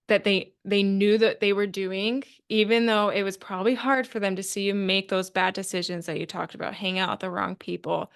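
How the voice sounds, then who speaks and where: A woman hosts a podcast in casual interview style, asking questions and reflecting earnestly with lots of fillers. Her mid-range voice is gravelly yet smooth.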